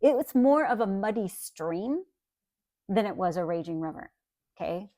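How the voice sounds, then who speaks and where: A woman's voice: medium pitch, lively intonation, normal speed, warm tone, no echo, clean studio sound. A woman Bible teacher giving a conversational teaching talk, often checking in with listeners by asking "right?".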